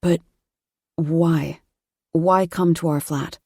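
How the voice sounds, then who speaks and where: A woman's voice: low-pitched, steady tone, slow, vocal fry, mellow, husky, no echo, studio quality, heavily acted. A woman reading a careful, firm young man who speaks steadily.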